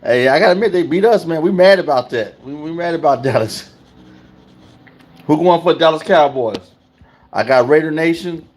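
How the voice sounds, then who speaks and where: A man's voice: a little high, lively intonation, moderate pace. A man hosting a casual livestream, talking loosely and in slang straight to his chat. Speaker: livestream host.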